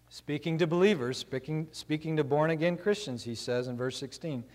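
A man's voice: a little high, darkish tone. Man preaching in a reverberant church. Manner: reads scripture slowly, then explains with everyday examples. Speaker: pastor. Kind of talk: sermon. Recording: long hall reverb.

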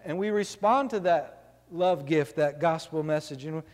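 A man preaching a sermon with a somewhat high-pitched voice. He reads scripture slowly, then explains it with simple everyday examples. His voice carries a long reverb, as in a church hall. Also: a little mellow. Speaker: pastor.

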